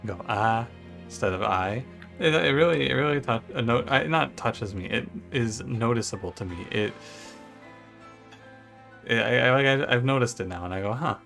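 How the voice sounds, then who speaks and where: A man's voice: mid-range voice, animated, moderate pace, creaky, fairly bright tone, soft background music. A man with a Michigan accent, chatting casually and thinking aloud as he opens a let's-play video for his channel. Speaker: gaming YouTuber.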